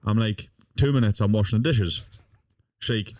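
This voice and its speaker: A man's voice: fairly low pitch, fairly quick, no room sound, clean studio sound. A young man, a podcast guest, telling a funny story in casual talk, swearing often and laughing as he goes. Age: young adult.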